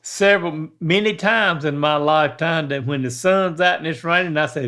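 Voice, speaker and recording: An older man from coastal South Carolina with a Southern accent, answering quiz questions slowly in a folksy, hesitant way while chatting with his son. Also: a little high, pushed and bright. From northern coastal South Carolina. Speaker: show regular, father of the host. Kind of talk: casual chat.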